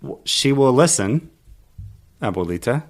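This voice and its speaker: A man's voice: medium pitch, lively intonation, a little slow. A man co-hosting a casual family chat, teasing and playful as he leads the game. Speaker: podcast co-host, father.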